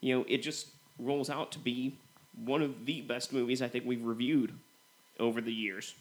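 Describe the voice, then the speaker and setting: A man's voice: medium pitch, normal speed. Male podcast co-host, mid voice, casual and chatty, heavy on fillers. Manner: relaxed, filler-heavy comparisons with "you know". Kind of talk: casual movie review chat.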